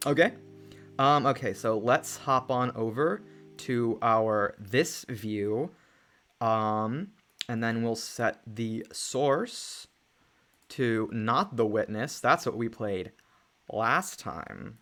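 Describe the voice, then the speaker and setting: Streamer for a game stream: unhurried, chatty, bursts of excitement, low lo-fi music behind. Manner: chatty, jumps between excited exclamations and mumbled asides. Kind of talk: live game stream commentary. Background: faint lo-fi music.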